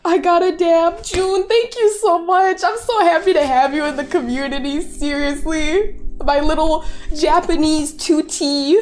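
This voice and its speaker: A woman's voice: extremely high pitch, unhurried. A young woman in her twenties, an effusive streamer chatting casually and reading viewer messages aloud, often laughing. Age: 20s.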